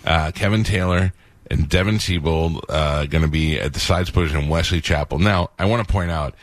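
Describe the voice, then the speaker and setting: Deep-voiced male radio host, dry sound. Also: moderate pace, no echo. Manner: animated storyteller, gets heated retelling. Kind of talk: casual radio banter.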